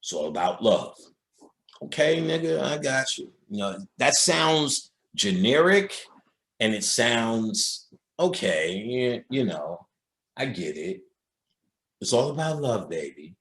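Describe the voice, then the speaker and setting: A man's voice: mid-range voice, sing-song, slow pace, vocal fry, fairly bright tone. A male occult lecturer talking in a casual, streetwise and profane way, telling stories and mimicking other people's voices.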